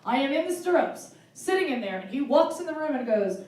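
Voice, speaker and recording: A woman in her forties works a stand-up set in a chatty, self-mocking way, her voice sitting a little high. The sound comes from a distance and rings around a very echoey club room. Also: animated, a little fast, a little mellow. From United States. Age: 40s. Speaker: stand-up comedian. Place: comedy club stage with a laughing audience.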